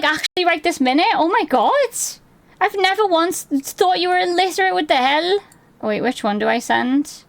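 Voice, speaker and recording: A woman's voice: sits high, creaky. A woman in her twenties streaming from home, chatting casually with her chat, swearing freely and poking fun at herself. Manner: chatty, swears often, self-deprecating, laughs easily. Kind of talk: casual chat reading chat aloud.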